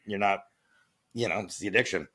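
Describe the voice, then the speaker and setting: A man's voice: lowish voice, brisk, a bit bright, slightly rough. A man from Florida hosting a podcast, chatting casually and rambling through restarts and filler phrases. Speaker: podcast host. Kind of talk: casual conversational interview.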